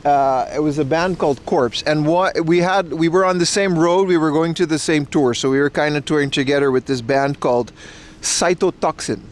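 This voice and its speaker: Speaking at normal speed in a fairly high voice, this livestreamer chats casually with viewers while out on a nature hike. His talk is rambling and relaxed, with plenty of free swearing.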